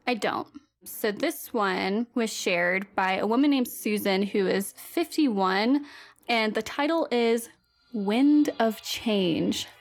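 A woman in her usual middle pitch, hosting a podcast in relaxed chat. She talks in a giggly, chatty way, leaning on filler words, with faint music behind her. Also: takes it slowly. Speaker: podcast host. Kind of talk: casual chat.

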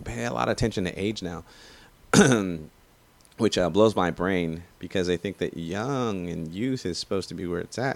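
A man in his thirties ranting casually about sports and age, profane and rambling, getting animated when riled. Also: low-pitched, creaky. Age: 30s. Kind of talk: casual rant.

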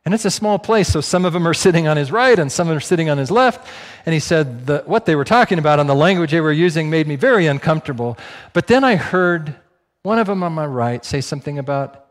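A man preaching a sermon, telling a story and acting out the dialogue in animated bursts. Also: on the high side, moderate pace, big-room sound. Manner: animated, acts out dialogue with rising volume. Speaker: pastor.

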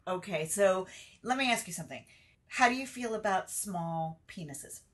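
A woman's voice: medium pitch, animated, normal speed. A woman co-hosting a casual podcast chat, candid and playful, often restarting her sentences. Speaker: podcast co-host.

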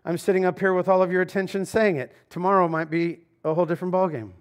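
Man, pastor's sermon, raised-pitch voice, conversational preaching, sudden loud and quiet turns. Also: steady tone, fast. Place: church sanctuary.

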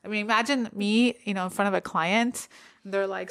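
A podcast co-host with a mid-range voice tells a story at a normal pace in casual conversation, with a crowd audible behind her. She's an animated storyteller who laughs a lot and acts out what people said.

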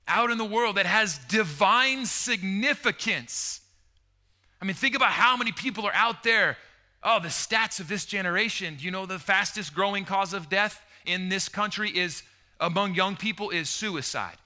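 In a high voice, a little on the slow side, a man preaches with passion, moving between forceful emphasis and soft, emotional passages. Key words get stretched out for effect.

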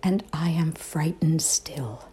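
A woman voicing the sad, frightened ghost of a young man, speaking slowly and quietly in a mournful tone. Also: low voice, vocal fry, breathy edge, full character voice. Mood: quiet sorrow.

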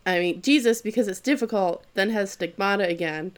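A woman's voice: mid-range voice, brisk, smooth. A woman casually retelling an anime plot, swearing offhandedly and laughing as she goes. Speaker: podcast co-host. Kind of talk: casual chat recapping an anime.

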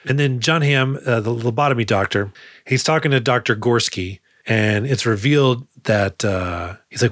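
A man co-hosting a movie podcast in casual chat, rambling with plenty of fillers and swearing. His voice sits at an ordinary middle pitch. It is recorded close and dry, with no room sound. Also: normal speed, a bit bright, no echo. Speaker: podcast co-host.

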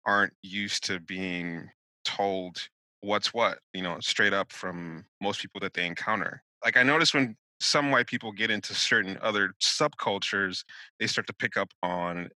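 A man talking in a casual discussion, reflective and measured, thinking aloud as he goes. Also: on the low side, pushed and bright, dry recording, low-quality recording. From United States.

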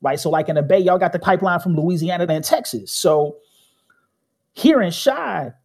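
Guy, middle-aged, husky voice, super lively storyteller, keeps saying "right?". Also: high-pitched, moderate pace. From Chicago. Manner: animated storyteller, keeps tagging "right?", acts out quotes. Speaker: guest. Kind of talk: casual conversation.

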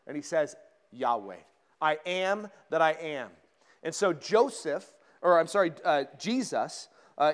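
A male pastor from giving a conversational sermon in a church, with humorous asides to the congregation. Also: high-pitched. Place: church sanctuary.

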